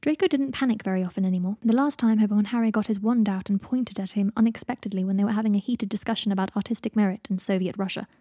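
A woman reading a fan fiction audiobook in a calm, even storytelling manner. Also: mid-range voice, quick pace, few pauses, dry recording, clean studio sound. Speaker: audiobook narrator.

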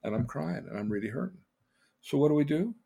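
An older man, a podcast host, earnestly telling personal stories, his voice swinging between loud and hushed. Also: on the high side, lively intonation, a little fast, vocal fry, breathy edge. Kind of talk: personal storytelling.

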